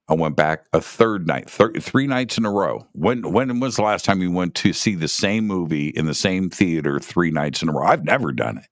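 A man's voice: deep voice, fairly bright tone, no echo, studio quality. A man hosting a talk show, telling a story with enthusiasm in a conversational way, often repeating words as he starts his sentences. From Los Angeles area. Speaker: podcast host.

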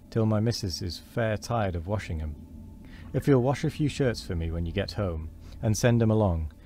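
A burly, kind-hearted engine driver speaks in a homely, reflective way in a storybook reading, voiced by a man. The tone is low and mellow. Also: slight background noise, close to an everyday voice.

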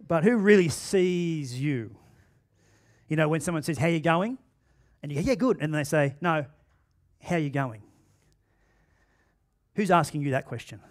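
A man with an Australian accent preaching a sermon in a church, swinging between loud emphatic bursts and quiet asides. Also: fairly high pitch, expressive, moderate pace. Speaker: pastor. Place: church auditorium.

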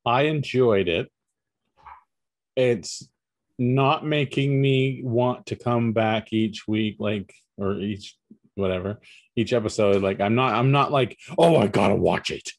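A man's voice: medium pitch, slow, dry recording. A man co-hosting a podcast over a video call, chatting casually with dry joking asides. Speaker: podcast co-host. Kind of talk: casual chat.

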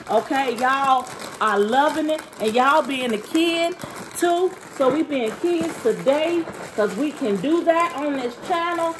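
A woman's voice: a little high, animated, unhurried, background noise. A playful woman vlogger reviewing food, talking straight to her viewers and pretending to be a seven-year-old kid.

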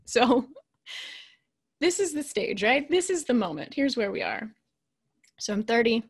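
Woman giving an animated, storytelling motivational talk. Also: on the high side, measured pace, slightly rough. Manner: conversational and animated, dropping to quiet, hushed asides. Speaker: keynote speaker and leadership coach.

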